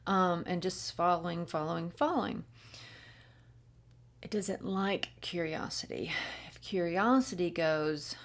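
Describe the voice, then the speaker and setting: A woman giving a channeled spiritual reading, playful and giggly, often dropping into soft whispers. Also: lowish voice, unhurried. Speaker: spiritual reader.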